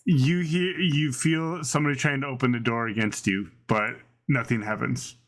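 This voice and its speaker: A man narrating a tabletop game as dungeon master, halting and full of fillers. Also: medium pitch, fairly even intonation, fairly bright tone.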